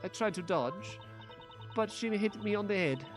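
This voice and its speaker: Guy doing a hammy italian-ish cook lady, high and bouncy. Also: animated, moderate pace, faint music behind. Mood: boastful. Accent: put-on Italian drifting toward German. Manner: hammy, exaggerated. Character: boastful female ship's cook. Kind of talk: reading game dialogue aloud.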